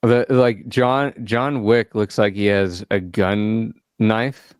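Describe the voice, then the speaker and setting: Low-voiced man, chatty. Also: steady tone, slow pace, clean tone, dry recording, clean studio sound. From South Africa. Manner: rambling, laughs often. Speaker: podcast co-host. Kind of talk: casual chat. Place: podcast studio.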